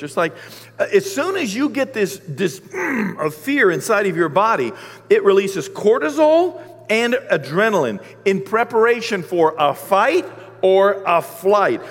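Preacher guy, fairly high voice that swings all over, loud acted bits, long echo in a big hall. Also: breathy edge. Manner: animated storytelling, shouting acted-out quotes. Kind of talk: sermon.

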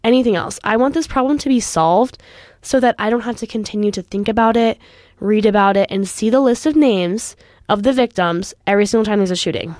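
With a mid-range, brisk, slightly mellow voice, this young woman in her late teens hosts a youth radio show. The clean studio recording is dry. She gives earnest, frustrated personal commentary, leaning on "like" a lot.

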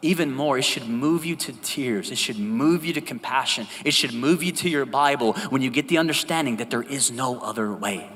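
Bright-voiced male pastor preaching in a hall. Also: medium pitch, normal speed, hardly any pauses. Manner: conversational, animated, asks the congregation for responses. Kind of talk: sermon. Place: church sanctuary. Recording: reverberant church hall with faint ambience.

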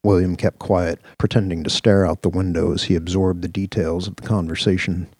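Very deep, husky male narrator. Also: level tone, darkish tone, no room sound. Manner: measured, descriptive storytelling. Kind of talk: scripted audio-drama narration.

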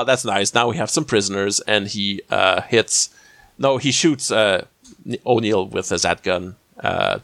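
A man's voice: fairly low pitch, vocal fry, fairly bright tone, no echo. A man casually recapping a TV episode as a podcast host, rambling with lots of fillers and restarts. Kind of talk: casual chat.

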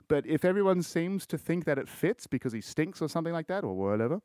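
A man's voice: medium pitch, expressive, moderate pace, few pauses, darkish tone, smooth, dry recording, studio quality. An Australian man hosting a solo podcast, rambling in casual chat with lots of swearing and crude jokes. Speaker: podcast host.

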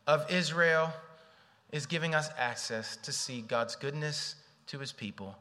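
A male pastor delivers an earnest sermon in a church sanctuary. His voice is bright and sits a little high for a man, and he swings between forceful emphasis and soft, pleading asides. A long reverb rings through the large hall. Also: normal speed.

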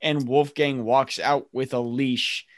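A man's voice: medium pitch, fairly even intonation, takes it slowly, no echo, clean studio sound. A man co-hosting a podcast, steadily walking through a recap in casual chat with many fillers. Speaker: podcast co-host.

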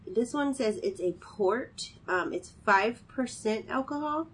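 A woman's voice: fairly high pitch, expressive, takes it slowly, slightly rough, low-quality recording. A woman with a stuffy, nasal voice from a cold, co-hosting a casual chat show with many fillers. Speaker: podcast co-host.

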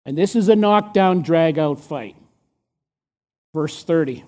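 A man preaching a sermon, emphatic and asking the listeners rhetorical questions, sometimes dropping to a hush for stress. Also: fairly high pitch, animated, takes it slowly.

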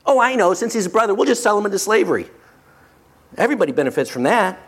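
A man's voice: extremely high pitch, sing-song, moderate pace, pitched above the performer's own voice, exaggerated voice. Man doing a whiny greedy schemer.

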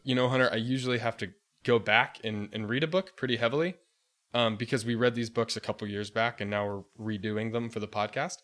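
A man co-hosting a casual podcast, telling about the book in a grave, animated way. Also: medium pitch, brisk. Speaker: podcast co-host.

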